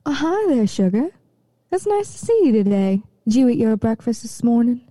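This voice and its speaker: Woman putting on a sugary creepy sweet-talker voice, high and coaxing. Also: very animated, normal speed, mellow, no echo, clean studio sound. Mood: cloying. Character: syrupy overly sweet woman doting on a child.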